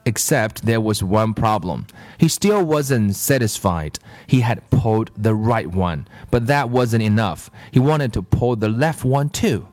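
A man reading a children's story aloud in an expressive, measured manner. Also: on the low side. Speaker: narrator.

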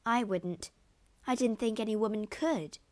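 A woman voicing a gentle, innocent young wife with a soft, quavering, pleading voice in a storybook reading. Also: on the high side, measured pace, close to an everyday voice. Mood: wondering.

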